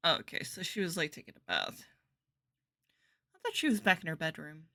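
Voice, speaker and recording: A woman's voice: low-pitched, huge pitch swings, moderate pace, pushed and bright, no echo, clean studio sound. A very tired woman streaming a game, reading its story aloud in a sleepy, rambling way. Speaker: gameplay streamer. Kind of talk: reading a visual novel aloud while playing.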